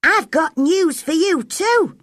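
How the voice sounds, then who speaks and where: A woman voicing a busy grown-up housemaid who brings news, speaking high and quick with excitement. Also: dry recording, clean studio sound, exaggerated voice. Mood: eager.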